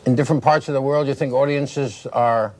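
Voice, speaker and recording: A man hosting a morning talk show, asking brisk questions. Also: mid-range voice, steady tone. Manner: brisk, quizzing.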